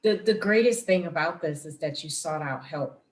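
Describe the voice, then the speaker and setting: A woman's voice: deep voice, normal speed. A woman co-hosting a podcast, chatting casually and backing up her co-host with affirming remarks. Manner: supportive, affirming. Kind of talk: casual chat. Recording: echoey room.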